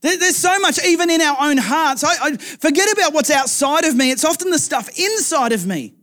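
A man's voice: very high voice, animated, brisk, a bit bright. A man preaching a sermon in an earnest, conversational way who often repeats words as he speaks. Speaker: pastor.

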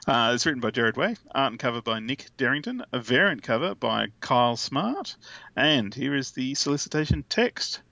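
A man's voice: medium pitch, lively intonation, fairly quick, gravelly, bright, forceful tone, no echo, muffled recording. A chatty, giggly man, co-hosting a casual podcast and reading text aloud playfully. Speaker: podcast co-host. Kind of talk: casual comic podcast chat.

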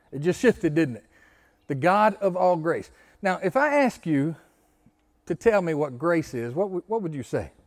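His voice is a little high. This male pastor leads an interactive sermon, frequently putting questions to the congregation, repeating important phrases, and stumbling through restarts.

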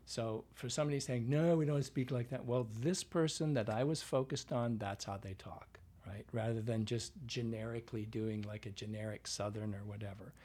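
A Canadian dialect coach explains his craft in a casual interview, speaking at a moderate pace with a lowish, flat, slightly mellow and rough voice and few pauses. He often finishes a point with a questioning "right?"

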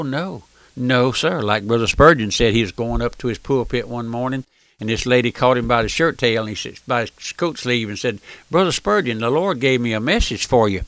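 Earnest older radio preacher. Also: male voice, medium pitch, a bit bright, dry recording. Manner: earnest, emphatic, folksy with repetitions. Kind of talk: radio sermon.

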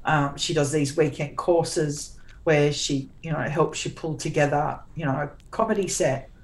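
A woman's voice: deep voice, steady tone, unhurried, low-quality recording. A woman in her forties, a guest author, chatting candidly in an interview in a forthright, sarcastic way, often restarting her sentences.

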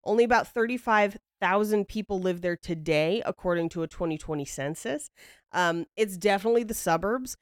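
A woman's voice: medium pitch, brisk, smooth, no echo, clean studio sound. A woman hosting a podcast, recounting a case in a casual, wry and profane way with frequent laughs. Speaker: podcast host. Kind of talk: casual storytelling chat.

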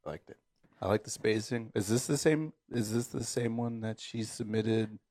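A man's voice: fairly low pitch, normal speed, darkish tone. A man co-hosting a casual podcast, making short offhand remarks. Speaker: podcast co-host.

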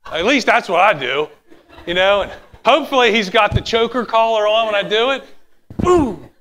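A man delivering a sermon in a high, bright voice. He is animated, sometimes drops to a hushed tone and acts out little quotes as he preaches. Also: normal speed. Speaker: pastor.

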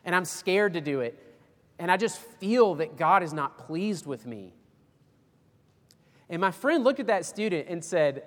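A man's voice: high-pitched, expressive, unhurried, long pauses, a bit bright, in a large hall. A man preaching a sermon as pastor, folksy and emphatic, with homespun illustrations.

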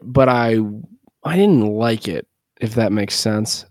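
A man's voice: lowish voice, expressive, slow, dry recording, clean studio sound. Wry, laid-back male podcast co-host. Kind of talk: casual chat.

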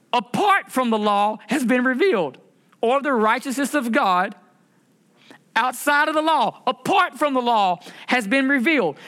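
A male pastor preaching a sermon, calling out questions to the congregation and repeating phrases, slowing down and rising in pitch to stress scripture. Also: sharp tone. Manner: preaching with call-and-response questions and repetition; slows and rises in pitch for emphasis when reading scripture.

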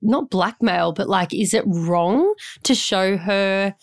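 A woman's voice: mid-range voice, slow. A woman in casual chat, telling a story about her young daughter and asking if she handled it right. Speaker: mother in a parenting chat.

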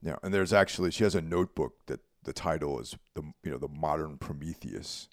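A man's voice: extremely low pitch, brisk, no room sound, studio quality. A man co-hosting a podcast in laid-back, rambling casual chat, often checking in with his co-host. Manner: laid-back, rambling, leans on "you know what I mean".

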